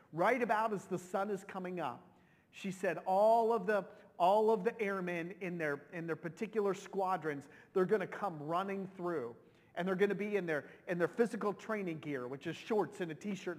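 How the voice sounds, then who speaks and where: A middle-aged pastor preaches in a relaxed, conversational way, often restarting his sentences as feeling rises in his voice. His pitch sits a little high for a man. A long reverb hangs after each phrase, as in a big sanctuary. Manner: emotional, conversational with many restarts. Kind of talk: sermon storytelling.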